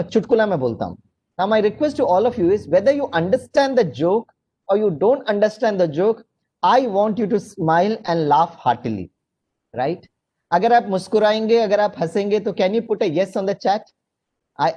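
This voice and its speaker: A man with an Indian English accent giving an online lecture, telling a story and dropping into low asides. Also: dull audio. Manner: animated, drops to low asides, mixes Hindi phrases. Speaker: guest lecturer. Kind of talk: online lecture with a told anecdote.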